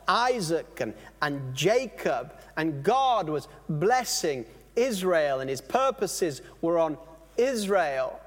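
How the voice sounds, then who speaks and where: A man preaching a sermon, animated, stopping and restarting phrases as he explains. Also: high-pitched, in a large hall. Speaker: pastor.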